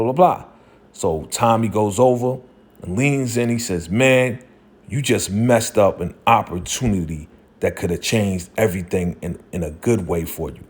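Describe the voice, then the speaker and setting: A man casually recapping a TV episode, acting out the characters' lines in a loose, slangy way. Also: mid-range voice. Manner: animated retelling, acting out quotes with slang. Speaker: TV show recap host.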